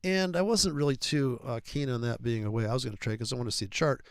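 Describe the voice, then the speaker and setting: A man's voice: mid-range voice, quick pace, dry recording. A man in casual chat, rambling and profane with frequent stumbling restarts.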